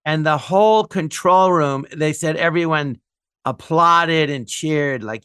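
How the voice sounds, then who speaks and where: A middle-aged man co-hosting a podcast, telling animated stories and slipping into quick character voices. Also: on the high side, smooth, no echo, clean studio sound. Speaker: podcast co-host. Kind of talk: casual chat.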